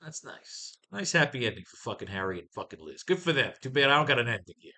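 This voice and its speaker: Male class host, profane, excitable; bright, forceful, casual commentary. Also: mid-range voice, fast. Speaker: writing class teacher. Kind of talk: casual comic read-along commentary.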